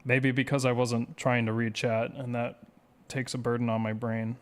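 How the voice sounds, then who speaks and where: Smooth-voiced man chatting with stream viewers. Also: medium pitch, little pitch movement, normal speed. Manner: rambling, self-deprecating, reads chat aloud. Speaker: speedrun streamer. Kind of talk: casual live-stream chat with viewers.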